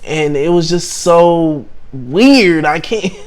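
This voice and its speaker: Young man, casual storytime testimony, slightly higher voice, halting delivery with lots of restarts. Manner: hesitant, full of restarts and "like"; shifts between hushed and excited tellings. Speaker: channel host telling his testimony.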